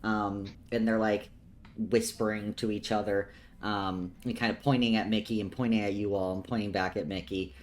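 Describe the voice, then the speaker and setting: A man narrating as game master of a tabletop game, unhurried and full of ums. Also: lowish voice, steady tone. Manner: unhurried, with many ums and chuckles.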